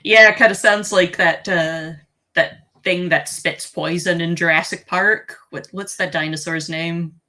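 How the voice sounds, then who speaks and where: A British co-host chatting casually on a stream, making unhurried quips and laughing between them. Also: mid-range voice, fairly even intonation, bright, forceful tone.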